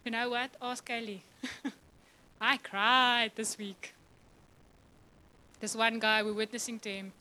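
Bright high-voiced woman preaching passionately. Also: flat delivery, slow pace, pauses often, rough recording. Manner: passionate, emotional, with laughs. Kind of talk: sermon.

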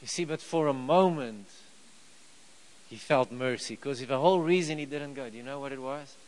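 A man's voice: medium pitch, moderate pace, darkish tone, poor audio. A man preaching a sermon in a conversational way, asking the room questions and chuckling as he tells the story. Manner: conversational, asks the crowd rhetorical questions; chuckles while telling the story.

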